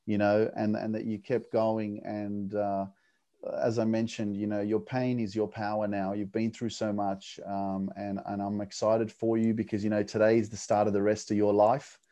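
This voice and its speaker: A man's voice: fairly low pitch, level tone, normal speed. A man hosting a podcast, closing an interview and signing off in an encouraging way with many fillers. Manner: warm encouraging sign-off with fillers. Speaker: podcast host. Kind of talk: interview wrap-up and show outro.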